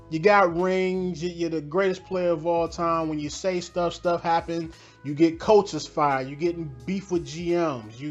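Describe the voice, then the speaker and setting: A man hosting a podcast, pausing clips to react in casual, slangy talk and pressing rhetorical questions again and again. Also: on the high side, dull audio. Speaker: podcast host.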